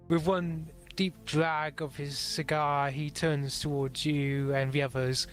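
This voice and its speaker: Male game master, unhurried narration, faint music behind. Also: fairly high pitch, level tone.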